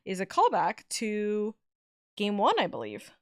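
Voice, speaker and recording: A woman's voice: medium pitch, huge pitch swings, a little slow, no echo, clean studio sound. A woman streamer leading a game session, chatting in an upbeat, talkative way. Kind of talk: casual chat.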